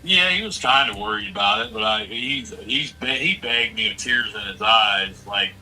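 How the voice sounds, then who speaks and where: A man's voice: fairly low pitch, moderate pace, bright, forceful tone, far from the mic, poor audio. A man in his forties in casual chat, talking bluntly and with a lot of swearing as he rambles through a family story. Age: 40s. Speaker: streamer.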